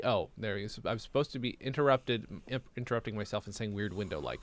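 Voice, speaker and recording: A man's voice: fairly low pitch, expressive, quick pace, few pauses, fairly bright tone, no room sound. A man reading an old childhood story aloud with comic, sarcastic asides. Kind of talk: comedic read-aloud with commentary.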